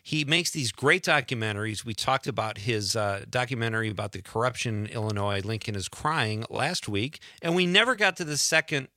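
An upbeat man hosts a talk radio interview, chatty and quick to laugh. His voice is bright and forward, with a mid-range pitch. The studio sound is close and dry. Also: dry recording. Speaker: radio show host.

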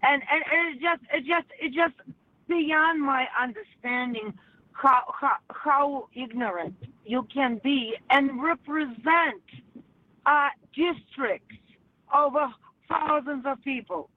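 Female radio caller, slow and hesitant, heard over a tinny phone line. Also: sits high, no echo. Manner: halting, full of filler sounds. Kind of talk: call-in radio comment. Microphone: telephone.

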